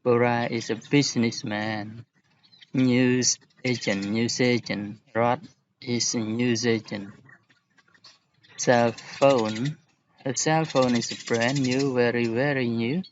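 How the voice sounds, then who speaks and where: A man teaching an English lesson, explaining word rules slowly and patiently with examples. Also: medium pitch, fairly even intonation, dull audio, slight background noise. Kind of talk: recorded classroom lesson.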